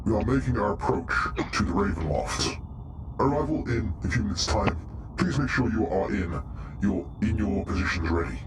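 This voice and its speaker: A man's voice: lowish voice, expressive, normal speed, background noise, pitched below the performer's own voice, lightly acted. A man voicing a male ship computer that makes formal, precise announcements. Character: flat-voiced male ship computer, Jack.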